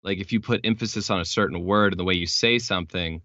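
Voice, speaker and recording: A young man from Texas with a very low voice talks as a podcast guest, circling through his points with plenty of "uh" and "like" and many restarts. The sound is close and dry, and the lo-fi recording makes it a bit dull. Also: quick pace, bright, forceful tone, no echo. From Texas, United States. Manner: rambling, explanatory, many fillers and restarts. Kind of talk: casual interview chat.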